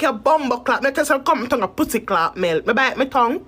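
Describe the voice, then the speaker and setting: High-voiced Jamaican woman, emotional rant. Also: sing-song, fast, bright, forceful tone, breathy edge. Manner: emotional, rambling rant in Jamaican Patois with heavy swearing. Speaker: content creator. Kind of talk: casual talk to camera.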